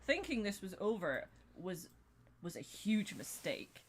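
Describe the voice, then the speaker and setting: A woman's voice: mid-range voice, very animated, a little slow, a little hiss or hum. A woman reading a story aloud to friends, stopping to giggle between lines. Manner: reads lines then breaks into giggles. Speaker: story reader and co-host.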